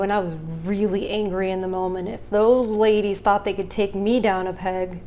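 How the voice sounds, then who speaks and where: A young woman with an ordinary mid-pitched voice speaks directly to camera in a relaxed, chatty vlog. She tells a personal story with animated energy, acting out other people's lines through quick impressions, with slight background noise behind her.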